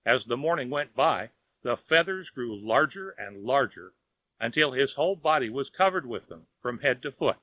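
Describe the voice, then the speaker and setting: A man narrating a children's audiobook in a lively storytelling manner. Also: medium pitch, moderate pace, dry recording.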